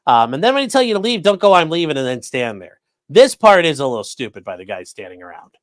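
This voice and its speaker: A man's voice: medium pitch, very animated, quick pace, dry recording. Sarcastic profane male streamer, dry sound. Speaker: streamer host. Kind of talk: casual live commentary.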